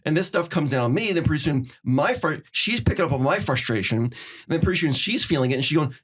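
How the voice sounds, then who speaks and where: Middle-aged male podcast host, rapid delivery, earnest advice-giver who acts out dialogue. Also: on the high side, animated, husky. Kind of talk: casual advice chat.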